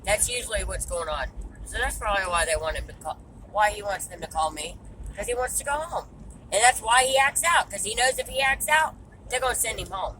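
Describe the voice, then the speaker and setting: A woman's voice: mid-range voice, animated, fairly quick, sharp tone, a little hiss or hum, rough recording. A woman, venting to camera in a blunt, exasperated way and swearing freely. She sounds frustrated. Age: 30s. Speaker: vlogger and mother.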